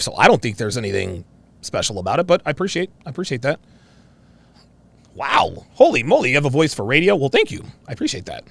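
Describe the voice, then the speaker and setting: Male stream host, distinctive voice, big high-to-low swings, gravelly edge, dry close sound. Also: fairly bright tone, no room sound. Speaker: show host reading viewer messages. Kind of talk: live-stream commentary.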